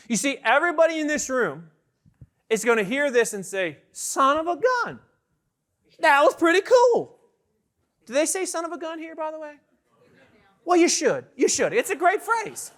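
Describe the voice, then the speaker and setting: A man with a strikingly high, bright voice delivers a keynote to a big conference audience. He talks with energy and keeps throwing questions at the crowd. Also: very animated, normal speed. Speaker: keynote speaker. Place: large conference hall with an audience.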